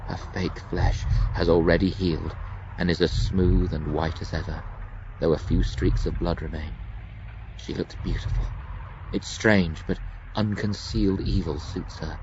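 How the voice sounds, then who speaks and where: A man narrating an audiobook with a dramatic, expressive reading. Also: low voice, a little slow, highs cut off, background noise.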